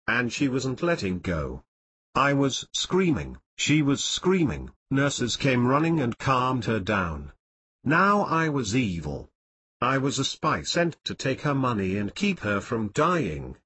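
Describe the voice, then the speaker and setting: A male voice in scripted audiobook narration with a mid-range pitch that rises and falls a great deal. He reads straight through the text, page numbers and headers included. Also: a bit bright, slightly rough, dry recording.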